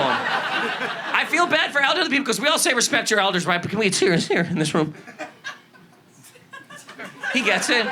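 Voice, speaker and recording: A man's voice: sits high, vocal fry, noisy background. A man performing a stand-up comedy set, ranting with incredulous, exaggerated delivery. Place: comedy club stage. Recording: live stand-up with audience laughter. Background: audience laughter.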